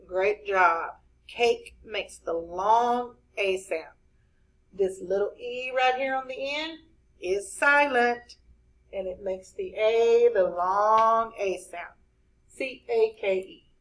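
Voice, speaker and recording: Slow, encouraging woman teaching spelling. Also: fairly high pitch, a bit bright, rough recording. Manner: slow, clear, spelling words out letter by letter. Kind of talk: spelling lesson for young children.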